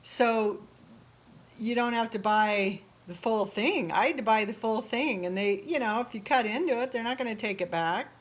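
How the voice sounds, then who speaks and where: A middle-aged realtor remodeling her own house talks casually to her handheld phone camera indoors amid the renovation. Tired and burnt out, she rambles with frequent laughs and exasperated asides. Her voice is fairly high in pitch with a moderate pace.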